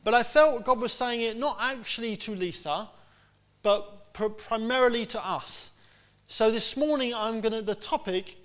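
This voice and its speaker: A man's voice: very high-pitched, normal speed, a bit bright. A middle-aged man preaching a sermon as pastor, chatty and anecdotal with plenty of fillers and restarts.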